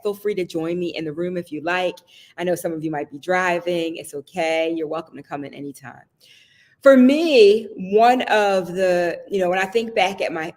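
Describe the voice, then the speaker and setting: A woman's voice: lowish voice, a little mellow. A woman from the Southern United States hosting a casual live stream, talking in a chatty, personal way and often checking in with her viewers. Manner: chatty and personal, often asks "right?" and laughs.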